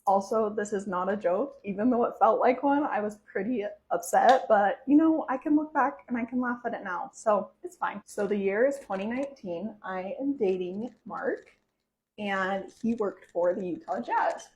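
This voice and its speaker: A young woman in her twenties, talking straight to camera in a relaxed storytime way. Her voice sits at an ordinary middle height for a woman, and she peppers every sentence with "like." She jumps up in pitch and energy whenever she gets excited. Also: moderate pace, slight background noise, poor audio. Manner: chatty, heavy use of "like" fillers, animated swings when excited. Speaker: vlogger telling a personal story.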